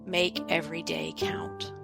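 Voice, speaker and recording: A woman hosting a podcast, choked up as she makes a somber announcement in a halting, emotional way. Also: low-pitched, big pitch swings. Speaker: podcast host. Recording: music playing underneath.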